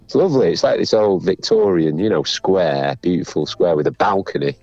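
A man's voice: deep voice, big pitch swings, a little fast, dark tone, no room sound. A man with a Northern English accent, rambling through a casual anecdote with lots of fillers. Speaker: musician guest. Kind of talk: casual chat. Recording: dull lo-fi sound, faint music.

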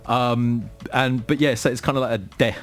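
A man's voice: mid-range voice, fairly even intonation, normal speed. A man from London hosting a casual music chat, talking hesitantly with lots of fillers. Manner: hesitant, filler-heavy talker. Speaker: host.

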